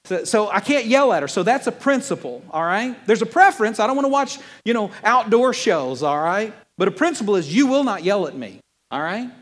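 A male pastor preaching a sermon in a church in an animated, conversational way with playful asides. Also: sits high, brisk, long reverb tail.

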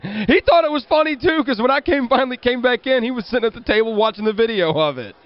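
A man's voice: very high-pitched, expressive, fast, dry recording, muffled recording. A man co-hosting a sports radio show, chatting in a laid-back, casual way. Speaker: radio co-host.

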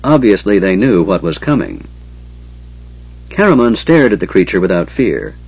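Low husky male audiobook narrator. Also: very animated, normal speed, darkish tone, no room sound. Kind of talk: scripted fantasy narration. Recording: dull lo-fi audiobook recording.

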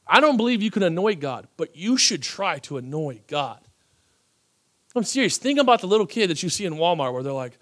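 Animated preaching pastor, a man. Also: a little high, normal speed. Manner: animated preaching, acting out quoted voices. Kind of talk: sermon.

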